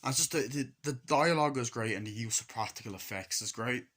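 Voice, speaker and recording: A man's voice: medium pitch, fast, a bit bright. A man giving a casual, rambling movie review. He swears freely and acts out bits of dialogue.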